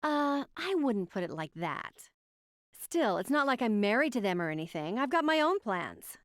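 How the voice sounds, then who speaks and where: A woman voicing an arrogant, sharp-tongued female scientist who speaks in a condescending, sarcastic way. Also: fairly high pitch, very animated, moderate pace, no echo, clean studio sound. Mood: smug.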